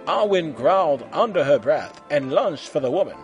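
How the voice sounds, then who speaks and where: A man reading a humorous story aloud in an animated way, slipping into silly character voices. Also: on the high side, normal speed, lo-fi sound, soft background music. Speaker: fan fiction reader.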